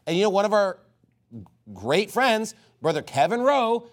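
A man's voice: high voice, sing-song, a little slow. A man in his thirties preaching a fiery sermon, emphatic, with sudden swings in volume and pace. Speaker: pastor.

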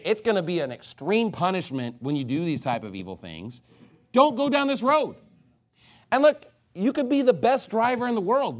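Man, fiery sermon, emphatic, fairly high voice, shifting loud and quiet. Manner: emphatic, preaching with sudden swings in volume and pace. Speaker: pastor.

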